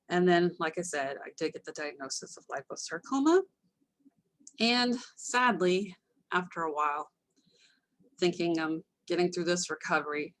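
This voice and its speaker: Animated woman telling her story. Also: normal speed. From Texas. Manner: animated, acts out quoted voices with sudden pitch jumps; candid, self-mocking asides. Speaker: storyteller presenting her life story to an online audience. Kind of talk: casual personal storytelling with humor.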